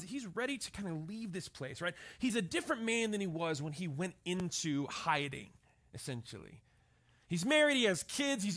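A man's voice: very high-pitched, sharp tone. A man preaching a sermon, telling stories and often checking in with "right?". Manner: storytelling, often asks "right?". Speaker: pastor.

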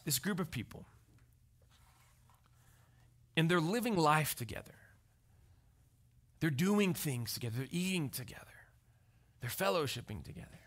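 A male pastor delivers a casual, story-driven sermon with a high, ringing voice. His pitch swings widely as he acts out little scenes, and he keeps pulling listeners in with quick asides. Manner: animated storytelling, often asks the crowd "right?". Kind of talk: conversational sermon.

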